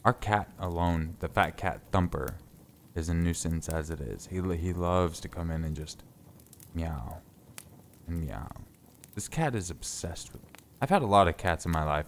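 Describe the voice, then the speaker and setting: Man, very low voice, laid-back joking streamer, casual swearing, faint room hum. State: stuffy from sinus trouble. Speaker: live streamer. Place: closet at home.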